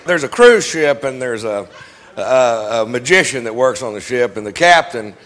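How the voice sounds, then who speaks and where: A man telling a joke in a relaxed, rambling storytelling manner. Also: mid-range voice, normal speed.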